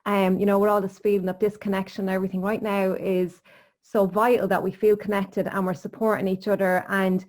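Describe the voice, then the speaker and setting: Woman host, mid-pitched, motivational, casual interview talk. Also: little pitch movement, a little fast, a little mellow. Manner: earnest, encouraging, motivational. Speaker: podcast host, sleep coach.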